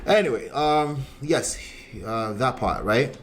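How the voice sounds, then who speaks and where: A man's voice: mid-range voice, takes it slowly. A man who hosts a relationship-coaching live stream. He talks bluntly and lectures, reading out viewer comments and speaking straight to the men watching.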